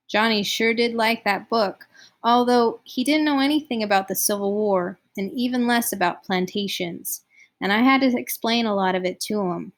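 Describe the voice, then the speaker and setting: A woman reading a novel aloud, narrating expressively. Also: mid-range voice. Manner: expressive reading, voicing each character. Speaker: audiobook reader.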